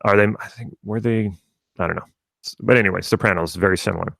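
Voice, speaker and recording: Low, gravelly-voiced man talking casually. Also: fast, a bit bright, no room sound, clean studio sound. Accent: General American, from South Louisiana. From rural South Louisiana, USA. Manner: rambling, conversational, with many restarts. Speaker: NLP coach. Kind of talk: live stream talk.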